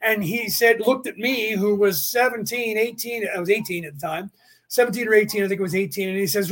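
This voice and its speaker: Middle-aged male teacher, high voice, casual rambling lecture style, prone to digressions. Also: fairly quick, fairly bright tone. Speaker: class teacher and podcast host.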